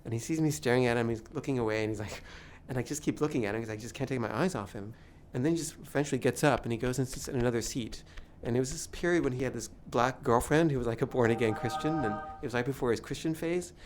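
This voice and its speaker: A man's voice: mid-range voice, fast talker, a little hiss or hum. A man tells a comic anecdote in a casual, confessional way. He stammers and restarts often and sounds nervous. His voice sits in a mid range. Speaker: filmmaker telling an anecdote. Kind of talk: comic first-person storytelling.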